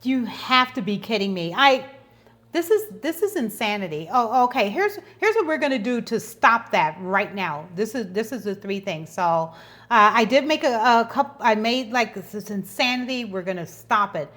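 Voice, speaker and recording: A woman's voice: fairly high pitch, animated, moderate pace, fairly bright tone. A woman in her fifties hosting a casual how-to tutorial, exasperated and often restarting her phrases and repeating words. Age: 50s. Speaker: host.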